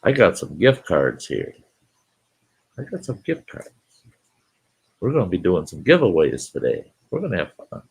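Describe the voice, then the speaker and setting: A very low, gravelly man's voice, husky at the edges, chats with viewers in an unhurried, folksy way. He hosts a live stream and reads viewers' messages aloud. His pitch swings widely as he repeats phrases and keeps calling his listeners folks. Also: wildly swooping pitch.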